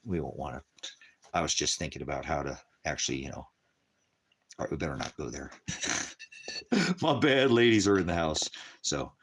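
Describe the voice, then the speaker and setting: Deep-voiced man rambling on a livestream. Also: sing-song, moderate pace, long pauses, husky. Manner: rambling, crude joking, baby talk to his dogs. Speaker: livestream host. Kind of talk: rambling casual livestream talk. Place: at home with his dogs.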